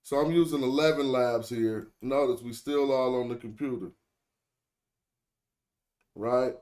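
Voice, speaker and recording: A man's voice: mid-range voice, a little slow, a little mellow. Rambling, slangy man tutorial host. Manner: loose, rambling, corrects himself mid-sentence; slangy, chatty address to viewers. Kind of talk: casual screen-share tutorial.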